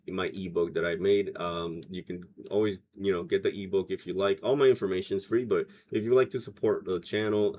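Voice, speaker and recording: Casual man, low voice. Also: a little mellow. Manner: loose, rambling, reads chat comments aloud, laughs often. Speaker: meditation livestream host. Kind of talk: casual livestream chat.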